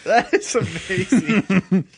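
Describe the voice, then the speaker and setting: A man's voice: sits high, animated, takes it slowly, breathy edge. A man co-hosting a casual podcast, giving wry short replies and swearing freely. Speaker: podcast co-host.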